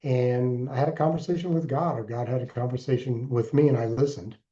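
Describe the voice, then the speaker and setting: Man in his sixties, podcast guest, earnest deliberate storyteller, emphatic bursts, mellow dark tone, dull lo-fi sound. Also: medium pitch, fairly even intonation. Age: 60s. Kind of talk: personal story in interview.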